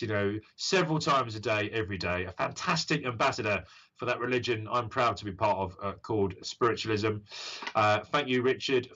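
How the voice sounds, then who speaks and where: A man's voice: medium pitch, pushed and bright. A British man in his thirties, a psychic medium hosting a live stream reading, encouraging and rambling with lots of fillers. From United Kingdom. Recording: dull lo-fi stream audio.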